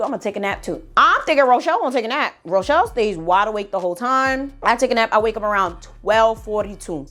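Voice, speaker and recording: Animated, profane woman telling a storytime. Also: normal speed, hardly any pauses. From United States. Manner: animated and profane, reenacts texts and dialogue with big pitch jumps. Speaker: storytime vlogger. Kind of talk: casual storytime vlog.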